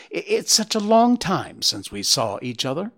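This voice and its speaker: A man's voice: fairly high pitch, moderate pace, gravelly, voice pushed up, exaggerated voice. A man putting on a vain, grumbling old owl. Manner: fussy, grumbling, fishing for flattery.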